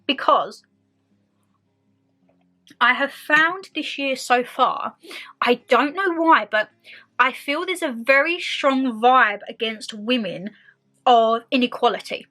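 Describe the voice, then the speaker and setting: A woman's voice: sits high, expressive, slow, pauses often, pushed and bright. A young woman with a British accent, chatting openly and expressively to her viewers in a casual sit-down vlog. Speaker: vlogger.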